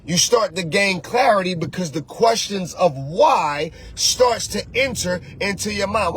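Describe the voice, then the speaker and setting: A man hosting a casual motivational talk as a spiritual coach, animated and preachy, slangy and often shouting. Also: sits high, unhurried, a little hiss or hum.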